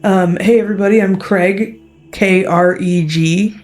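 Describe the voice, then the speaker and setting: A woman voicing Craig, an excitable young male bartender who talks like a stoner bro, loud and rambling. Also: medium pitch, unhurried, natural voice. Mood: eager.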